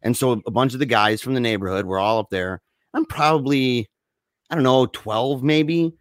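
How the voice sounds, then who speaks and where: A man casually telling a story, slangy and animated, acting out the voices of the people in it. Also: mid-range voice, moderate pace, no echo, clean studio sound. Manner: animated, acts out voices in his stories; slangy, says dude and man often. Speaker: podcast co-host telling a story.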